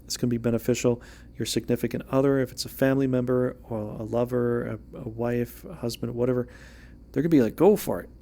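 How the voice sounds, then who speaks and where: A man's voice: mid-range voice, steady tone, quick pace, mellow. A man giving a casual, rambling tarot reading as an amateur reader, joking and restarting his sentences as he goes.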